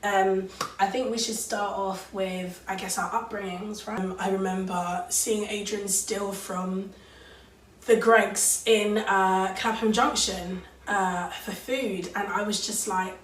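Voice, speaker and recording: A woman speaks hesitantly, as if near tears, pausing often. Her pitch is middling. It is a roomy phone recording from a little way off, with faint hiss. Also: flat delivery, distant mic. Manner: fake-tearful, hesitant.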